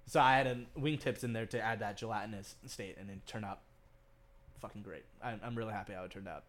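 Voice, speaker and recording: A man's voice: on the low side, a little fast, a bit bright. A young man co-hosting a casual chat podcast, rambling through a cooking story, swearing freely and often laughing as he gets worked up. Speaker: podcast co-host.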